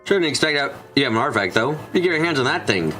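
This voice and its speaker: A man's voice: medium pitch, animated, fast talker, sharp tone, soft background music. A man hosting a let's play, commenting on the game with incredulous, profane exasperation. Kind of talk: gameplay commentary.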